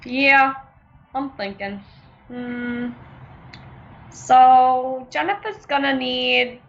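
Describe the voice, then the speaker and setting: Slow-talking woman playing a tabletop game. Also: high-pitched, creaky, a bit bright, lo-fi sound. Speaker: player. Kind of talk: casual tabletop play.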